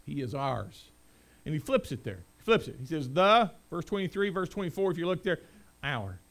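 A middle-aged man preaching a sermon as pastor, rising to loud proclamation and dropping to quiet conversational asides. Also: a little high, big pitch swings, brisk, gravelly.

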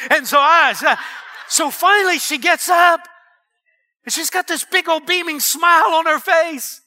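Middle-aged male preacher, high and sharp-edged tone, animated storyteller who builds to shouts. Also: moderate pace. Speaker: pastor. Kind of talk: sermon.

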